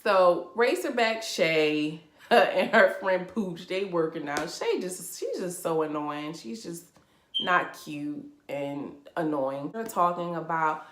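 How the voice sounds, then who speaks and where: A woman's voice: fairly low pitch, lively intonation, takes it slowly, fairly bright tone, echoey room, slight background noise. A woman giving casual vlog commentary as a reality TV reviewer, talking bluntly and profanely with incredulous laughs.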